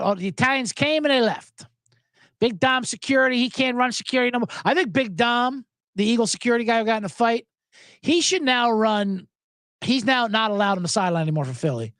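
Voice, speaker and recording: A man's voice: high voice, a bit bright, no echo, clean studio sound. A man hosting a sports betting podcast, rambling and joking profanely in a casual monologue. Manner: profane, joking, rambling, breaks into mock impressions.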